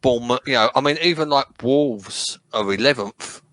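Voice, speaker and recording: Sweary bright-voiced English bloke. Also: male voice, mid-range voice, normal speed, no echo, rough recording. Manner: swears freely, rambling with restarts. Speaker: podcast co-host. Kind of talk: casual football chat.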